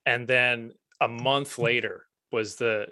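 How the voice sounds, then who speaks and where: Canadian Maritime man, chatty podcast guest, relaxed, dry close sound. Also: mid-range voice, slow, no room sound. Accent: Prince Edward Island Canadian. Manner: relaxed, chatty, laughs easily, trails off softly. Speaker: guest, music teacher and author. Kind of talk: casual interview conversation.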